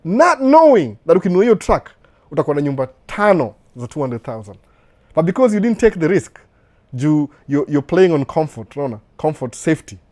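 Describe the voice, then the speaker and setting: A man with a Kenyan accent hosting a casual live Q&A, animated, often repeating "no, no" and laughing. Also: on the high side, a little fast. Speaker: livestream host answering viewer questions. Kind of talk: casual live Q&A, mixing Swahili and English. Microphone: desk microphone with computer setup.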